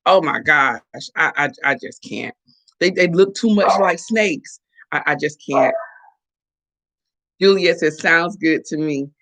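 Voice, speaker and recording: A woman's voice: sits low, measured pace, long pauses, fairly bright tone. A middle-aged woman hosting a casual morning live stream, chatting playfully and answering viewer comments.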